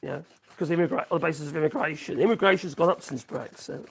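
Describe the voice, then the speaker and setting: A man hosts a live stream with loose, off-the-cuff news commentary. His voice sits a little high and has a gravelly, creaky edge. He talks bluntly and opinionatedly, wandering from point to point. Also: fast.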